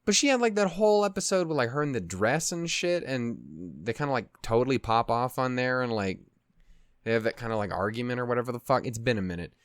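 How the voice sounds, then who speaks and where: A young man at his home desk rambles through an anime reaction, cursing and frequently laughing, in a medium-pitched voice that is expressive, quick, clear and resonant. The audio is studio-clean with no audible room.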